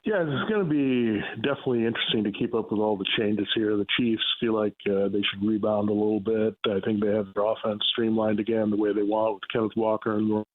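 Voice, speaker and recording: A man's voice: on the low side, fairly even intonation, brisk, hardly any pauses. Male guest on a tinny phone line. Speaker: NFL writer, radio guest. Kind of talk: radio interview analysis. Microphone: phone call.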